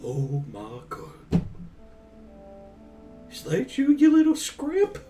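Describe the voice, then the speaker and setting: A man voicing a boisterous, hearty werebear polar bear who was once a dwarf, speaking loudly from a distant mic over faint music. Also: medium pitch, animated, a little slow, pitched above the performer's own voice. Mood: overjoyed. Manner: hearty, gushing, loud.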